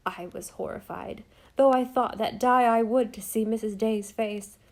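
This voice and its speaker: A woman's voice: a little high, fairly even intonation, moderate pace, lightly acted. Woman reading as a fussy old-fashioned housekeeper. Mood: earnest. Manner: earnest, old-fashioned, dramatic. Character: fussy devoted middle-aged housekeeper woman.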